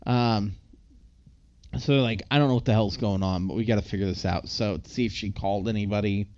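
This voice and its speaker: A man's voice: fairly low pitch, brisk, darkish tone. Casual rambling man recapping a movie. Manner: rambling plot recap with filler words. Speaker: podcast co-host recapping a movie. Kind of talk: casual chat. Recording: slightly dull lo-fi audio.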